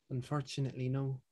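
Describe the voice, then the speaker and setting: A man's voice: medium pitch, pitched above the performer's own voice. A man doing a doting Irish innkeeper woman. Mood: helpful. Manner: doting, hushed, calls people love and dear. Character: kindly fussing female innkeeper, middle-aged. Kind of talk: tabletop role-play voicing.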